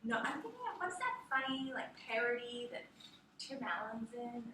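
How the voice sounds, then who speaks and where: A woman teaching a class in a lively way, quizzing her students as she lectures. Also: on the high side, normal speed. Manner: lively, asks the class questions. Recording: echoey room from far off, faint noise.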